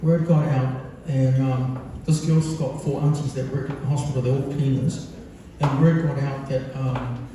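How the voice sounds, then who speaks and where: A man's voice: mid-range voice, steady tone, moderate pace, dark tone. Kiwi man rambling through a speech, echoey hall. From New Zealand. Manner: rambling, humorous storytelling with many fillers. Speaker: son giving a birthday speech. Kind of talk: speech to a gathering. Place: large function hall. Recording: echoey hall, captured from far off.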